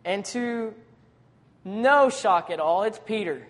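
A preacher giving a sermon in a casual, conversational way, with modern slang and lively, dramatic retellings of scripture scenes. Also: medium pitch, slow pace, in a large hall.

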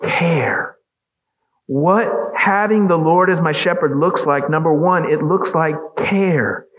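A man's voice: a little high, takes it slowly, muffled recording. A man preaching a sermon as pastor, emphatic and asking the congregation questions.

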